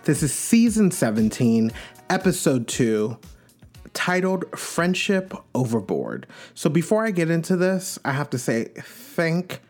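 A man's voice: a little high, very animated, unhurried, darkish tone, faint music behind. A man from Long Island, New York, hosting a podcast and giving a chatty, gossipy recap of a reality show with playful asides. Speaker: podcast host.

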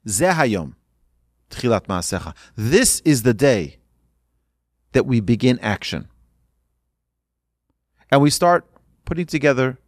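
A man's voice: mid-range voice, no echo, studio quality. A man giving an urgent sermon as a religious teacher, emphatic and repeating his points.

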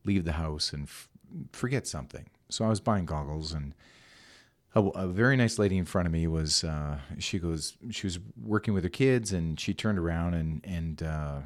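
A man's voice: low voice, moderate pace. A man hosting a podcast, asking questions and telling stories in a loose, rambling way. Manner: rambling storyteller, loose and conversational. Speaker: podcast host. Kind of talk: casual interview talk.

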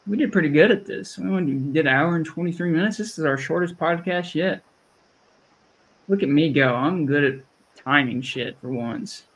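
A man's voice: fairly high pitch, moderate pace, a bit bright. A man with a Southern US accent hosting a podcast, rambling and chatty, often restarting his sentences. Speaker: podcast host. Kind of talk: casual chat.

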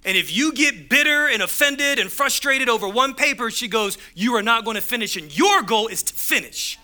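A man's voice: very high voice, animated, moderate pace, bright, forceful tone. A man preaching a sermon as pastor, driving home points with punchy repeated phrases and acting out the voices in his stories.

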